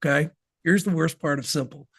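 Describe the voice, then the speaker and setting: Emphatic, folksy male podcast guest; voice on the high side, dry recording. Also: fairly quick, fairly bright tone, husky, no echo. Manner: emphatic, folksy, sports analogies. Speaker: sales systems guest. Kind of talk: podcast interview.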